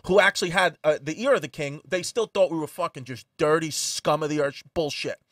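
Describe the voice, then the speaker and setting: Profane New York comic telling history. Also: male voice, on the high side, brisk, no room sound, studio quality, far from the mic. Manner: profane, animated storytelling. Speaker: comedy podcast co-host. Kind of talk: crude comedic history chat.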